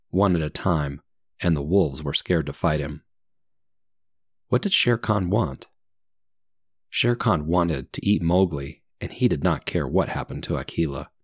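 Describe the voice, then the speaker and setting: A man reading a story aloud for English learners, slowly and clearly, with comprehension questions and answers in between. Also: sits low, no echo, studio quality. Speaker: English teacher.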